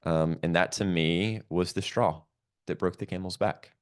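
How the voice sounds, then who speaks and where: A man's voice: deep voice, steady tone, a little slow, smooth. A man speaking as a podcast guest, earnestly and reflectively recounting a personal story, with frequent ums and likes.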